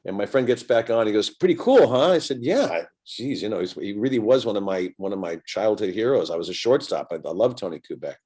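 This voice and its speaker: A man in his sixties, a seasoned entertainer, recounts a story in relaxed conversational talk. He jumps between narration and lively quoted dialogue, giving the other people in the story their own voices. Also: lowish voice, fairly quick, hardly any pauses. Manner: animated storyteller acting out both sides of conversations. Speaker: guest entertainer. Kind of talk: casual anecdote telling.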